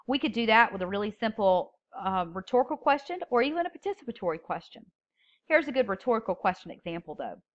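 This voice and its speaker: A woman's voice: fairly high pitch, sing-song, quick pace, highs cut off. A woman teaching a public speaking class, explaining step by step and stressing key words when she reads example openings. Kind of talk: recorded lecture.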